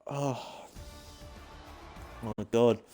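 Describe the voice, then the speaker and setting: A man giving rambling, excitable live commentary on an online racing league, saying he is out of breath. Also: medium pitch, very slow, soft background music. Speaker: race commentator.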